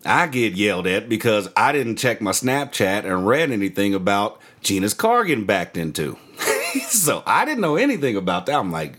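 Animated Midwestern man telling stories. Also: lowish voice, moderate pace. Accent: American Midwest. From Kansas. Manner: animated, laughs often, acts out quotes. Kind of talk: casual storytelling chat.

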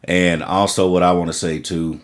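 A man's voice: low-pitched, level tone, moderate pace. A man co-hosting a podcast in casual, profane chat, often laughing as he talks. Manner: profane, laughing, loose storytelling. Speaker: podcast co-host.

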